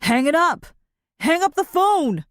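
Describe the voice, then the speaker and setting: Woman shouting as a panicky teen boy thief. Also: high-pitched, very animated, a little slow, no room sound, clean studio sound, voice pushed up, full character voice. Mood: threatening. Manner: loud urgent shouting.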